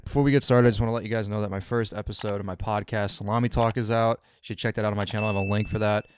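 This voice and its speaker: A man's voice: fairly low pitch, fairly even intonation, fast talker, hardly any pauses, darkish tone, smooth, no echo, clean studio sound. A young man hosting his own channel from home, rambling casually and swearing while reviewing albums. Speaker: YouTube host reviewing albums. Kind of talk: casual chat.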